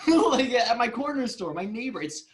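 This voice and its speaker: A man co-hosting a casual online chat, telling stories in an animated way and laughing often. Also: very high-pitched, unhurried, low-quality recording. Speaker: co-host.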